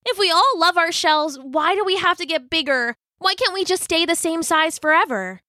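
An anxious, plaintive little male hermit crab from a children's storybook, as a woman gives him voice, his questions pitched up high. The recording is dry and close. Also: lively intonation, moderate pace, sharp tone, no echo, full character voice. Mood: frustrated. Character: young male hermit crab, worried and unsure. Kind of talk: storybook reading.

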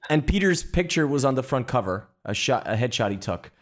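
A man hosting a casual interview and telling lively anecdotes about working as a photographer's assistant, with frequent restarts. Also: mid-range voice, a little fast. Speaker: podcast host.

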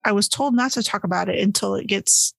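A woman co-hosting a casual book chat, telling stories in an animated, expressive way. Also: medium pitch, a little fast, gravelly, no room sound. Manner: animated, expressive storytelling with laughs. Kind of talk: casual chat about books.

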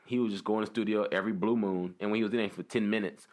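A man in casual podcast chat, animated and quick to rap lyrics aloud. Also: fairly low pitch. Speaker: podcast co-host.

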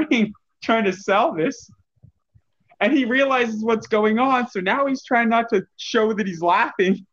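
A man's voice: very high-pitched, fairly bright tone, highs cut off. A man casually telling a story on a podcast, laughing often as he goes. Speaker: podcast co-host.

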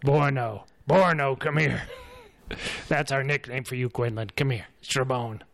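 A man's voice: medium pitch, fairly even intonation, a little slow, creaky, fairly bright tone, voice pushed down. A man voicing a flustered, forgetful old scholar who hunts vampires, with an exasperated, mock-dramatic manner.

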